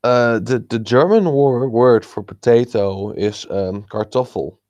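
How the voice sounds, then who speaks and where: A man's voice: medium pitch, slow pace, darkish tone, no echo, lo-fi sound. A man in casual podcast chat, hesitant and full of ums and uhs. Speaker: podcast co-host.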